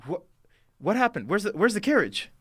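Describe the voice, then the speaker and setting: A man's voice: high-pitched, big pitch swings, a little fast, slightly rough, voice pushed up, heavily acted. A man voicing a frightened carriage driver who stammers nervously in a tabletop game.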